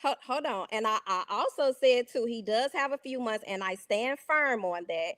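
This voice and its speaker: Insistent high-voiced woman holding the floor. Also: animated, moderate pace, a bit bright. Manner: insistent, keeps interrupting to hold the floor. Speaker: panelist. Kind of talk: heated panel debate.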